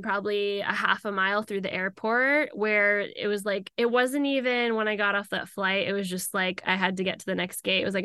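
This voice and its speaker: A woman's voice: medium pitch, bright, forceful tone, clear, resonant tone, dry recording, studio quality. A young woman candidly telling a personal story as a host, acting out the voices of the people in it. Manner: candid and confessional, acts out quoted voices. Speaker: podcast host.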